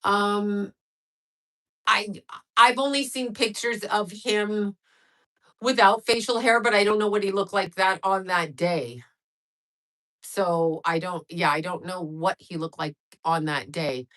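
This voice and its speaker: A woman's voice: mid-range voice, fairly even intonation, slow, fairly bright tone. Chatty woman hosting a livestream. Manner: chatty, rambling, reacts to viewer comments. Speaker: livestream host. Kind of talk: casual livestream chat.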